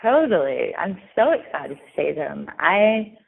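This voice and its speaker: A woman's voice: on the low side, big pitch swings, a little slow, creaky, slightly rough. A young woman with an Australian accent mixed with American, an actress chatting upbeat with many fillers in a phone interview. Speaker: actress guest. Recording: tinny phone line.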